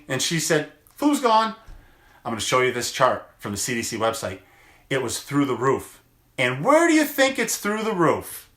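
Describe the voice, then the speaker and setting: Animated man livestreaming on his phone. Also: medium pitch. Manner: animated, emphatic, rhetorical questions. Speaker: chiropractor. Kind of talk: casual livestream talk to viewers.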